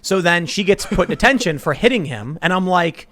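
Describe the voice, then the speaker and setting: A man's voice: high-pitched, fairly quick. A man hosting a podcast, retelling a movie plot in a casual chat with lots of restarts. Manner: animated retelling with many restarts. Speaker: podcast host.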